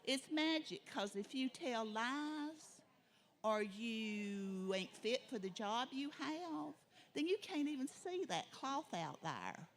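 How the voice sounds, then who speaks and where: A sly old mountain granny with a drawl, as a woman storyteller puts her on. Her voice rides up high and folksy, and she stretches some words slow. She is kindly but canny, straight from a told folk tale. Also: expressive.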